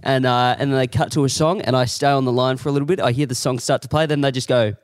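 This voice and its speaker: Deadpan Australian man telling stories. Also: mid-range voice, fast, no room sound. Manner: deadpan storytelling, sweary. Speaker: comedian and podcast co-host. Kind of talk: casual podcast chat.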